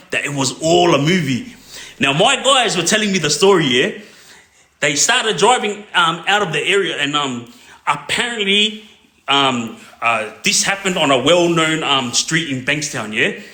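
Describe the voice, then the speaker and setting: A man tells a street story in a loose, rambling way, checking in with the listener every few lines. His voice sits a little high and sounds bright and forceful. The room around him is echoey. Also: lively intonation, normal speed. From Australia. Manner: rambling, checks in with a constant "yeah?". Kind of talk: casual crime storytelling.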